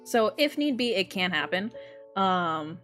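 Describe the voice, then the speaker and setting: A woman's voice: medium pitch, sing-song, measured pace, fairly bright tone, faint music behind. Giggly young woman chatting on a livestream. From raised in an English-speaking country by a Korean mother. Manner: giggly, chatty, often laughs mid-sentence. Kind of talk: casual livestream chat.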